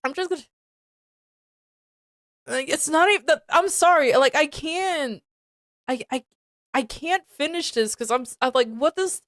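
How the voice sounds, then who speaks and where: A high-voiced young woman streamer talks slowly, drawing out her reactions. She sounds giggly and disbelieving, and her voice is close and dry with no room sound. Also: no echo. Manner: giggly and incredulous, often breaking into laughter. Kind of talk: casual live-stream reading commentary.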